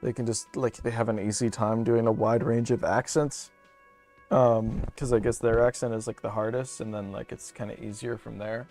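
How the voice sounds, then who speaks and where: A man's voice: mid-range voice, flat delivery, moderate pace, darkish tone, soft background music. A young man from Canada, rambling profanely through casual gaming commentary. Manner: rambling, profane, jokey asides. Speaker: streamer.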